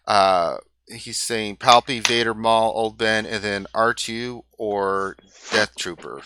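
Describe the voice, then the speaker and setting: A man hosting a live gaming question-and-answer show, reading viewer questions in a brisk way and laughing easily. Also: medium pitch, sharp tone, smooth, no room sound. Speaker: host.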